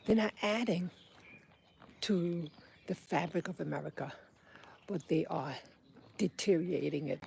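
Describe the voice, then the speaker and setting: A woman with a slow, gravelly, mellow voice speaks in a halting, angry monologue full of pauses and restarts. She is outdoors, with faint birds and rural sounds behind her. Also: on the low side, a little hiss or hum. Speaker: vlogger. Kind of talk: political monologue.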